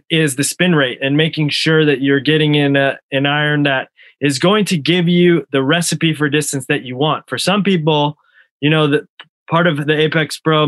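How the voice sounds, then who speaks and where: A man with a somewhat high voice hosts a casual podcast discussion. The sound is dry and close, and he guides the conversation in a thoughtful way. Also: a bit bright, no echo. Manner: thoughtful, leads the talk and asks questions.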